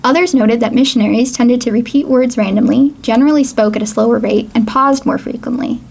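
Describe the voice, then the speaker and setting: Host, woman, fairly high voice with a lot of vocal fry, chatty educational narration. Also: brisk, a little mellow. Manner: chatty, reads quotes aloud, laughs now and then. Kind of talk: casual educational vlog narration.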